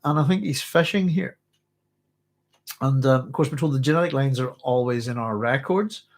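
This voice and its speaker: A middle-aged man with a Northern Irish accent talks through a book in a loose, casual way. He wanders, restarts his sentences and chuckles to himself as he goes, speaking at an ordinary pitch. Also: normal speed. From Northern Ireland. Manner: rambling, self-interrupting, chuckles often. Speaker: book club host.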